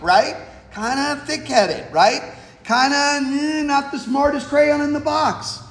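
A man preaching a casual, folksy sermon and reading scripture aloud, often asking his listeners questions. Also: extremely high pitch. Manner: folksy, conversational, asks the congregation questions. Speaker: pastor. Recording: echoey hall with long reverb.

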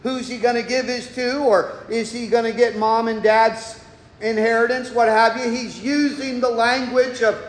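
A man preaching a sermon in an animated, rhetorical way, sometimes acting out imagined listeners, heard in an echoey church. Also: very high voice, normal speed. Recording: echoey hall, far from mic.

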